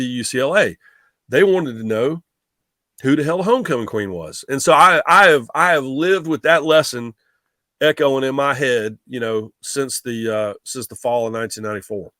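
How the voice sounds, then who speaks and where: A middle-aged man, a sportswriter guest, telling stories in a rambling, animated way with many restarts. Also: mid-range voice, no echo, studio quality. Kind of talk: casual storytelling.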